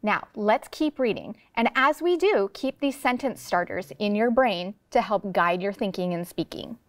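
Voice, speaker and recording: Expressive woman teacher reading aloud. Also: medium pitch, normal speed, no echo. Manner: expressive storybook reading with voices. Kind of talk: classroom read-aloud lesson. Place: studio classroom.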